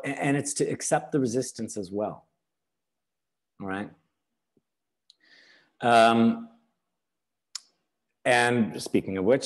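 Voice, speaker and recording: A man giving a teaching webinar over a video call, unhurried, often checking in with "all right?" and "okay?". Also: medium pitch, darkish tone. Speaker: webinar presenter.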